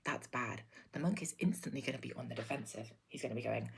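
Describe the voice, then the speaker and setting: A woman telling an absurd deadpan story in a whispered role-play, her breathy whisper slipping between voices. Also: extremely low pitch, fast talker, few pauses, slight background noise. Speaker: ASMR creator.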